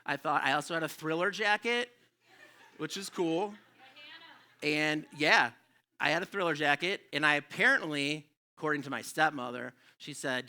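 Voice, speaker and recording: A man's voice: on the high side, moderate pace, sharp tone. A middle-aged man performing a live stand-up set in a comedy club, rambling and self-deprecating and swearing freely.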